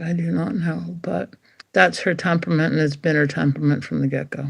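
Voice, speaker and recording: A woman's voice: low voice, a little fast, gravelly, husky. A middle-aged woman, a dog trainer, chatting in an interview and acting out what dogs think in playful voices. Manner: animated, acts out dogs' thoughts in playful voices. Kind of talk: casual interview chat.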